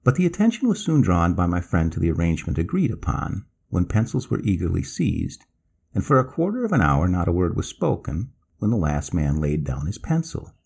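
Gravelly low-voiced male storyteller. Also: fairly quick. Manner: lively, acts out quoted speech in narration. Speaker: narrator. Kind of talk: scripted storybook narration.

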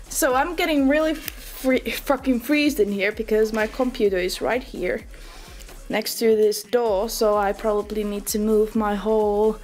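A young woman chatting casually to her camera at home, giggly and casually swearing. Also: a little high. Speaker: vlogger. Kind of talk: casual chat. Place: home, indoors by a balcony door. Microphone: camera mic.

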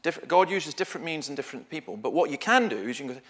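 A man's voice: a little high, animated, fast talker, fairly bright tone. A man with a Scottish accent giving an informal teaching talk at a church, telling stories with humor and often correcting himself mid-sentence. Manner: conversational, humorous, self-correcting storyteller. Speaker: guest speaker.

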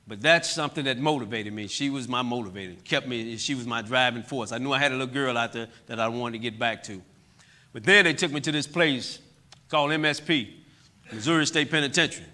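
A middle-aged man giving an impassioned testimony talk to a church audience, moving between loud outbursts and quiet, heavy moments. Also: mid-range voice. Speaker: guest speaker. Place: church hall.

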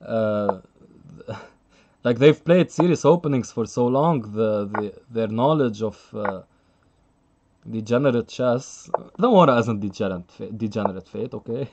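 A man's voice: mid-range voice, muffled recording, noisy background. A man commentating live chess on a stream, chatty and thinking aloud, laughing often and reading out the chat.

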